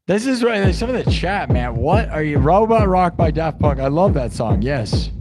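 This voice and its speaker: A man's voice: a little high, big pitch swings, normal speed, a little mellow, slightly rough, faint music behind. Chatty livestream host, a man. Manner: chatty and loose, heavy on "like" and "dude". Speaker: livestream host of an improvised music show. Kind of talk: casual chat reading live comments.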